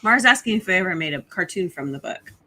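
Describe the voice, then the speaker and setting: Female co-host, bright and husky, teasing, urges him on. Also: lowish voice, animated, fast, soft background music. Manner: teasing, laughing. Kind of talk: livestream chat.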